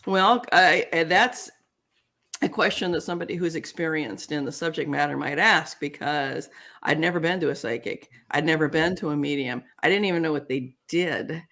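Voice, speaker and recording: Older woman, interview guest, animated, acts out both sides of dialogue. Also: low-pitched, normal speed. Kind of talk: storytelling in an interview.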